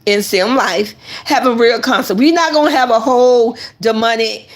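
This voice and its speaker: A woman's voice: a little high, moderate pace. A woman giving casual, emphatic commentary straight to her viewers as an online creator. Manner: animated and emphatic, addresses viewers directly.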